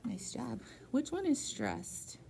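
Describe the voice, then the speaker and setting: A woman's voice: fairly high pitch, big pitch swings, slow pace, gravelly, warm tone, slight background noise. A young woman tutoring a child in phonics, patient and encouraging, guiding with questions. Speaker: reading teacher.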